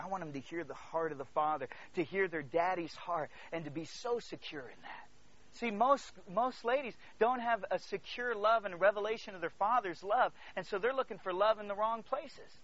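A man preaching a sermon as a pastor, swinging from hushed near-whispers to loud exclamations and calling out to the congregation. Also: sits high, moderate pace. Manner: storytelling, calls out to the congregation. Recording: dull lo-fi recording.

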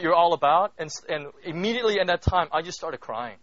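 A male pastor with a slightly high voice preaches in a loose, conversational way, forever checking in with his listeners. He moves between loud emphatic bursts and quiet, hushed moments. The recording sounds muffled and lo-fi. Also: animated, quick pace, no echo. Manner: conversational, keeps asking "right?". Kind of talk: sermon. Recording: dull lo-fi recording.

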